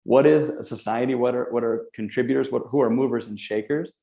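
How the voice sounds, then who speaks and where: Gravelly man in an echoey room. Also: medium pitch, fairly quick, dark tone. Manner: earnest, urgent advice. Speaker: entrepreneur panelist. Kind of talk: earnest panel talk.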